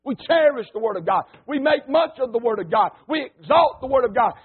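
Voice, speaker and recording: High-voiced preacher on a tinny line. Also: male voice, expressive, a little fast, slightly rough. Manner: folksy, rousing, swings between quiet talk and shouting. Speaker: pastor. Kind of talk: sermon. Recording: lo-fi phone-like radio broadcast.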